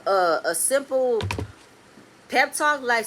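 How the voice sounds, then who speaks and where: A woman recapping a reality TV episode in a casual, blunt, animated way, with speech. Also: high voice, measured pace, slight background noise. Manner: animated, blunt and swearing, swings between loud and quiet.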